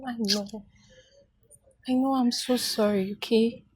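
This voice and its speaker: Soothing consoling friend. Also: female voice, fairly high pitch, fairly even intonation, takes it slowly, a little mellow, slightly rough. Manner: soothing, repeats reassurances. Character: sympathetic female friend consoling a grieving woman. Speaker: actress in a film. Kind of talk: film drama acting.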